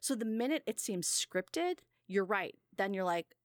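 A woman chatting on a podcast and telling an anecdote with lots of energy, breaking into laughter and performing the quotes herself. Her voice sits at a middle pitch. The recording is dry and close. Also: unhurried, dry recording. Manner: animated, laughs often, acts out quotes. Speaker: podcast host. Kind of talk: casual podcast chat, storytelling.

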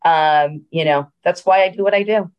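Middle-aged woman guest rambling thru a story, um and uh a lot, lowish voice. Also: normal speed, smooth, dull audio. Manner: storytelling, many fillers and restarts. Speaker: senior living executive guest. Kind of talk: casual interview talk.

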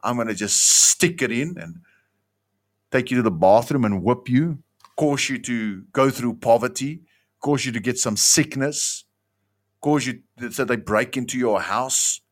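A man's voice: mid-range voice, unhurried, natural voice. A man voicing a vengeful, angry father who waits to punish his child, in a sermon. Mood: gloating.

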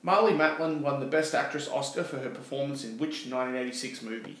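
A man's voice: mid-range voice, fast, a bit bright. An Australian man co-hosting a podcast, rambling and laughing through casual banter, mocking himself. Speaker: podcast co-host. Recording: echoey room with faint noise.

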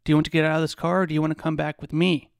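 Man voicing a menacing controlling man, calm taunting delivery, gravelly, dry close sound. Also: fairly high pitch, rapid-fire, dry recording. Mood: bullying.

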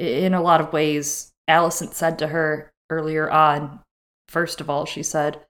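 A woman co-hosting a casual podcast chat, earnest with joking asides. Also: on the low side. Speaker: podcast co-host.

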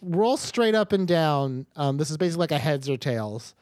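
A woman's voice: deep voice, animated, moderate pace, a little mellow, no room sound, clean studio sound. A woman narrating a tabletop game as game master, rambling with fillers.

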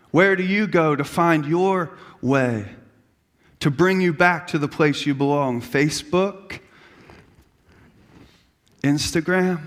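A man's voice: a little high, big-room sound. A young man preaching a sermon as pastor, building into impassioned, rising calls.

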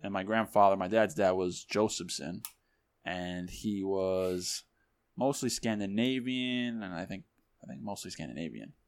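A man co-hosts a casual podcast, his voice sitting a little low. He chats in a lively way, jumping into other people's voices as he tells stories. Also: a little slow. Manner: animated, mimics voices in stories. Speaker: podcast co-host. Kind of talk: casual chat.

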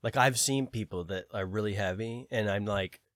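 A man's voice: fairly low pitch, normal speed, no room sound, studio quality. Ranting podcast co-host man. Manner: ranting, animated, swears freely. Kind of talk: casual podcast chat.

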